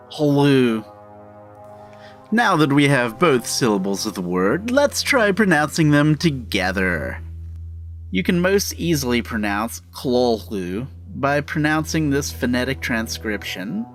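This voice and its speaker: A man giving a scripted, instructive narration, speaking deliberately and walking the listener through each step. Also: mid-range voice.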